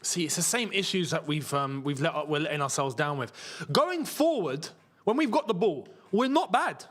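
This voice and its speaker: A young man hosting a live football watchalong, reacting with frustration and bursts of excitement. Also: a little high, moderate pace. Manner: frustrated, animated, swings between muttering and shouting. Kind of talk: live match watchalong commentary.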